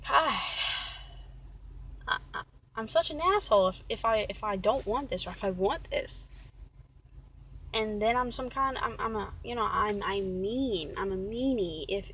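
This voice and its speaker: A woman's voice: medium pitch, fairly bright tone, husky, low-quality recording. A woman venting in a casual vlog rant, rambling and exasperated, often repeating herself. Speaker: vlogger.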